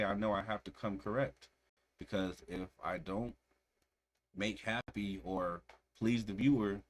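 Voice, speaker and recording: A man hosting a reaction video, giving earnest, reflective commentary and repeating phrases for emphasis. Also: low-pitched.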